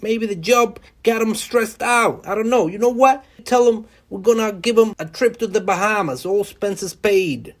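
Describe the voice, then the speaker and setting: A man's voice: high-pitched, normal speed, hardly any pauses, pitched above the performer's own voice, close to an everyday voice. A man voicing a menacing male New York mob boss in a put-on New York mobster accent, making sly, falsely caring threats.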